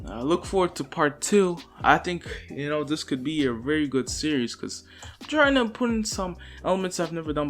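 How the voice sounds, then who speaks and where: A young man casually narrating a fan story, rambling and giggly. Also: on the high side. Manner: rambling, giggly, self-conscious. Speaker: video storyteller.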